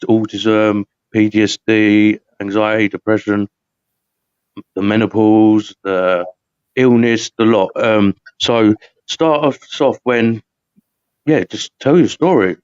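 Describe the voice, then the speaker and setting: A man's voice: on the low side, smooth, no room sound, muffled recording. A man from the UK hosting a live podcast, rambling and chatty, laughing often. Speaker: podcast host. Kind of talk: casual live podcast chat.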